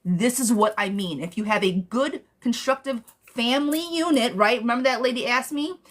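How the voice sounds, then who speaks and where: A woman's voice: fairly high pitch, normal speed. A woman giving a live-streamed tarot reading, blunt and direct, talking casually with some swearing and calling the viewer "girl". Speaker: tarot reader.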